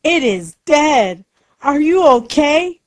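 A woman reader voicing a frightened young girl who calls out in a high, shrill voice. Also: big pitch swings, slow, no echo, full character voice. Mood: shaken. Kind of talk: storybook reading.

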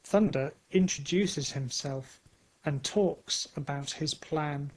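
A man narrating a simple storybook slowly and clearly. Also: on the high side, low-quality recording. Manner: slow, clear, simple phrasing.

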